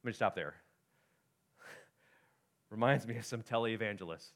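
A man's voice: on the low side, measured pace. A man preaching a sermon as pastor, talking casually to his congregation, often checking in with "right?" and reading scripture aloud.

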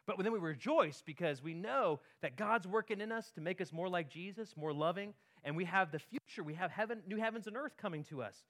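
Male pastor, slightly high voice, chatty sermon delivery with repeated words and tag questions. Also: animated, fairly quick, hardly any pauses, fairly bright tone.

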